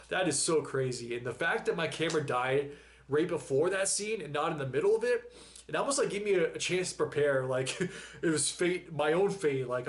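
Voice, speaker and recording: A man's voice: on the high side, expressive, a little fast. Emotional man rambling in casual chat. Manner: emotional, rambling, sighs and laughs often. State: emotional after crying. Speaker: reaction video host.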